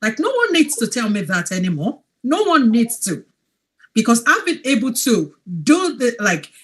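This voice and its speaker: Sex: woman. Role: wellness coach host. Style: testimonial chat. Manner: earnest, emphatic, lively rising and falling pitch. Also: moderate pace. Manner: earnest, emphatic, repeats points. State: emotional, near tears.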